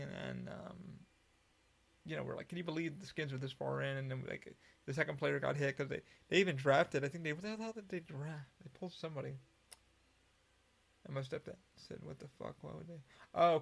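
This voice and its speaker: A gravelly-voiced man rambles through a solo podcast, hopping from one thought to the next and swearing freely. His voice sits a little high for a man, and he stumbles and restarts his sentences as he goes. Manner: profane, rambling, restarts often. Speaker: podcast host.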